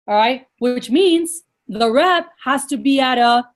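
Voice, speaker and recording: A woman coaching sales managers in a blunt, energetic, casual way, swearing now and then and acting out lively sales pitches, heard over a video call. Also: unhurried.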